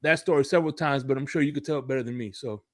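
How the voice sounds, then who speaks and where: Fast-talking guy hosting a podcast, teasing, trips over his words, dry sound. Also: mid-range voice, no room sound. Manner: teasing, stammering restarts. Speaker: podcast host. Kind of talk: casual podcast chat.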